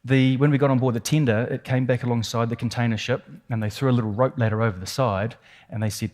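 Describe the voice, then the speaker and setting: A man's voice: mid-range voice, steady tone, quick pace, darkish tone. A man with a New Zealand accent giving a keynote talk, telling a dramatic personal story with vivid, suspenseful detail and emphatic repetition. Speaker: keynote speaker.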